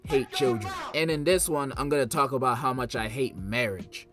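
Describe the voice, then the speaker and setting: A man's voice: mid-range voice, normal speed. Sarcastic man over a music bed. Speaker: commentary video creator. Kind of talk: sarcastic scripted commentary.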